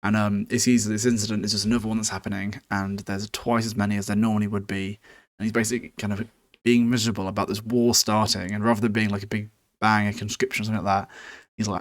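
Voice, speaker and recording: A man's voice: on the low side, flat delivery, fast, no room sound. A man hosting a podcast, recapping a book chapter in a loose, rambling, sweary way with many restarts. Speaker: podcast host.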